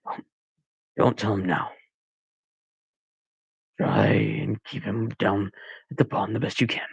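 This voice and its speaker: A man voicing a stern, grieving police chief father, speaking low and heavy. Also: steady tone, slow, vocal fry, husky, dry recording, heavily acted. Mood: grave. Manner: low, hushed, heavy delivery.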